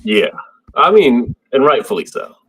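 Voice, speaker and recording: A man's voice: mid-range voice, very animated, measured pace, fairly bright tone, breathy edge. A man co-hosting a casual movie podcast, rambling and laughing often as he reads out favorite lines. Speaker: podcast co-host. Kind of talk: casual chat.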